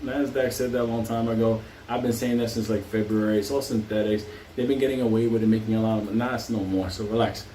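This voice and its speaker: A man's voice: fairly low pitch, steady tone, quick pace, few pauses, mellow. A man hosting his show, telling a story in a casual, rambling, heavily profane way and laughing often. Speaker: host. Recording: roomy, distant, faint hiss.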